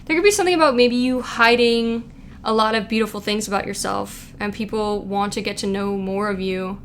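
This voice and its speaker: A young woman with a mid-range voice gives a casual pick-a-card tarot reading at a brisk pace, with a little hiss or hum in the background. She's chatty and giggly, reading quotes aloud and tossing in playful asides.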